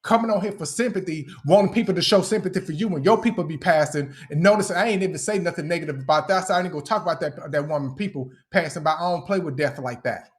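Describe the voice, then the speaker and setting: A man's voice: fairly high pitch, fast talker, hardly any pauses. A young man ranting angrily on a live stream, heated, profane and confrontational as he answers his critics. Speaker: livestreamer addressing critics. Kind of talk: angry live-stream rant.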